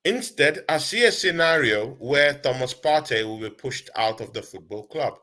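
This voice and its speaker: A man's voice: medium pitch, lively intonation, moderate pace, sharp tone. A man co-hosting a casual football talk show, speaking emphatically with many fillers and restarts. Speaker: co-host of a football podcast. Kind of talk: casual chat.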